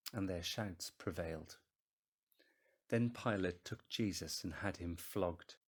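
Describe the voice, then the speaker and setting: A man reading a Bible passage aloud in church, measured and steady, raising his voice for the crowd's shouts. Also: on the low side. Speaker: scripture reader.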